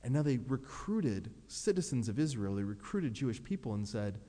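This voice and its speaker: A man preaching a sermon as pastor, earnest and expressive, acting out prayers in his own voice. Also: medium pitch, moderate pace, big-room sound.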